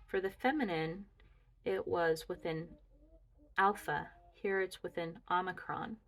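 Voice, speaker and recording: Woman going over grammar slides real slow, kinda lowish voice, thinks out loud. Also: steady tone. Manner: deliberate, talks through slides, muses aloud. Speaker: student reviewing Greek grammar. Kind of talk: slow grammar review lesson.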